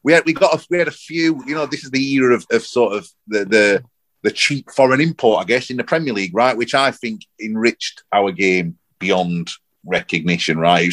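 A man, rambling and animated in casual football chat on a podcast. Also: on the low side. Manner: rambling, animated, repeats himself. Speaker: podcast co-host.

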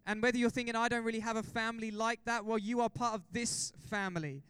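High, clear-voiced excitable male pastor. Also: fast talker, dry recording. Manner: excitable, exhorting congregation with repeated questions. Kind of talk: sermon.

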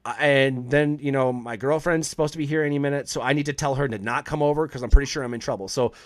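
Man, chef guest on a podcast, spins a profane story with plenty of life, clear dry sound. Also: medium pitch, quick pace, no echo. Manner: profane, animated storyteller acting out quotes. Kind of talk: casual storytelling in an interview.

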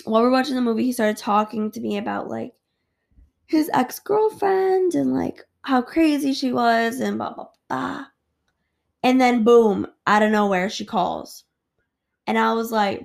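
A woman's voice: a little high, unhurried, vocal fry. A woman hosting a podcast who tells a personal story in a candid, rambling, profane way. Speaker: podcast host. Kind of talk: casual storytelling.

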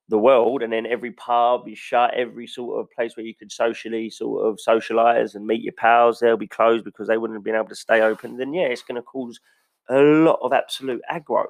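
A man's voice: medium pitch, gravelly, no echo. A man, a driver, ranting bluntly and passionately in casual talk, with some swearing. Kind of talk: casual opinion rant.

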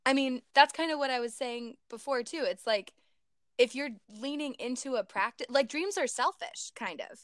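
A woman's voice: high voice, normal speed, fairly bright tone, no echo, studio quality. A young woman in casual reflective chat, talking things through with many fillers.

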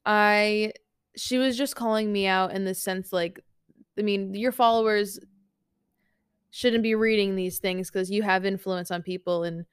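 A young woman talks casually to the camera as a coach sharing her own stories. She is animated and loose, with plenty of fillers, and she often slips into quoting herself. Her voice is smooth and resonant, and it sounds close and dry. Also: mid-range voice, no room sound. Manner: chatty, animated, lots of fillers and quoted self-talk. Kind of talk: casual chat vlog.

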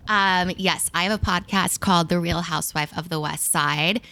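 A woman guest on a casual podcast chat outdoors, quick with banter. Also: fairly low pitch, steady tone, no room sound. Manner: bright, bantering. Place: outdoors at a house.

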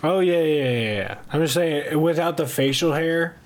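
A woman co-hosting a casual true-crime podcast, reacting with short, relaxed remarks. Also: deep voice, moderate pace. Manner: short reactive interjections, laid-back. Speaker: podcast co-host.

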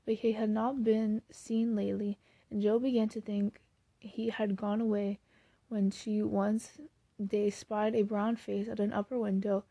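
A woman reads a classic novel aloud at a steady pace and sometimes restarts a phrase. Her voice is mellow with a gravelly texture. The recording is close and dry, with no room sound. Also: mid-range voice, no room sound. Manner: steady reading with occasional restarts. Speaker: audiobook reader.

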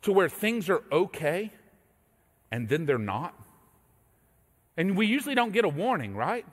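A high-voiced male pastor delivers a sermon with lively, swooping pitch. He tells stories in an animated way and acts out the voices in them. His voice carries a long echo, as if he is in a large church sanctuary. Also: measured pace, breathy edge. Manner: animated storytelling, acting out voices. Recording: echoey hall reverb.

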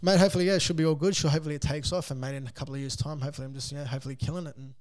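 A man in his thirties with an Australian accent, chatting casually about his coffee van in a home studio, relaxed, swearing and laughing often. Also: on the high side, very fast. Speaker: podcast guest, coffee van owner. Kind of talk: casual interview chat.

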